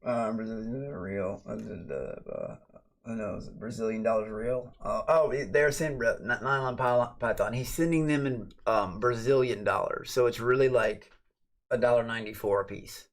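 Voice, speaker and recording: A man's voice: medium pitch, moderate pace. Blunt, profane man hosting a late-night stream. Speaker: livestream host.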